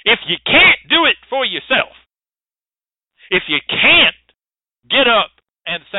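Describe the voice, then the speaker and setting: A man's voice: very high voice, big pitch swings, takes it slowly, long pauses, no room sound. A man hosting a radio show, lecturing emphatically, swearing often and repeating his points. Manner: emphatic, repetitive, profane, preachy. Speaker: radio show host teaching hoodoo rootwork. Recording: tinny dry phone-like line.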